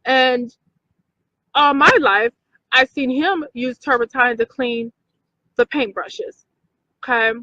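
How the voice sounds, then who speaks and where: A woman's voice: high voice, slow pace, pauses often, pushed and bright, dull audio. A woman hosting a casual talk video for her viewers, emphatic, repeating points and checking in with "okay?". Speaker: video host.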